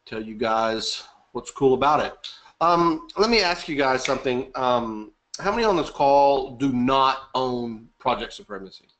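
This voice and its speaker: Man, webinar host, upbeat, chatty, mid-pitched voice. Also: animated, measured pace, a bit bright. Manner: upbeat, chatty, reading names aloud and joking. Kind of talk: live webinar greeting attendees.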